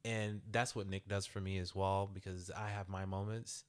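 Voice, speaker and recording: A man's voice: low voice, flat delivery, moderate pace, clear, resonant tone. A man hosting a parenting podcast, talking reflectively and acting out quoted dialogue. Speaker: podcast host. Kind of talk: conversational podcast interview.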